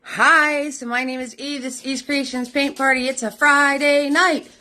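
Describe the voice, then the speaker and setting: Bubbly middle-aged lady running a live paint party, kinda high voice, calls everyone doll. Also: steady tone, moderate pace, sharp tone. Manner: bubbly, chatty, calls viewers doll and sweetheart. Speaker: painting class host. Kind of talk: live online painting class chat.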